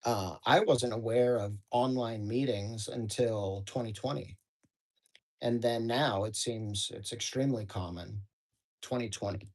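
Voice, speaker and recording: A man's voice: medium pitch, a little slow, rough recording. A man from the United States hosting a daily book study, reading passages aloud and breaking off into casual, rambling, profane commentary full of fillers. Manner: casual, rambling, swears freely, many fillers.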